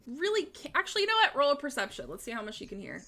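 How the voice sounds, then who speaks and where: A woman's voice: high voice, huge pitch swings, rapid-fire, vocal fry, very noisy. A woman running a tabletop game as game master, narrating in a playful, giggly manner.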